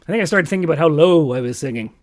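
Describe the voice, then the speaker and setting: A man's voice: fairly high pitch, expressive, racing. A man hosting a casual livestream, singing comic songs and chatting loosely between them with self-deprecating remarks. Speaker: singer-songwriter and livestream host. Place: home room. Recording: voice with loud acoustic guitar.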